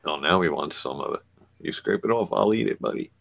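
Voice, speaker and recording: Deep-voiced, easygoing man. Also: lively intonation, fairly quick, gravelly, a bit bright, no echo. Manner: easygoing, curious, chuckles often. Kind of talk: casual group chat on a video call.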